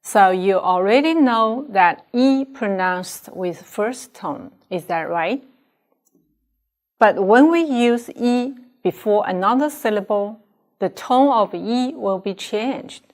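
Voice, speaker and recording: Slow, deliberate woman teaching pronunciation. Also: mid-range voice, expressive, darkish tone. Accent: Chinese. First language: Chinese. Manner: deliberate, models pronunciation for students to repeat. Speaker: Chinese language teacher. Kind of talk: slow, careful classroom instruction.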